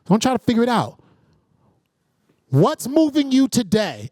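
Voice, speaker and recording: A man's voice: very high voice, huge pitch swings, measured pace, darkish tone, no room sound, studio quality. A man facilitating an interactive workshop, energetically calling on the audience and checking in with "right?" as he goes.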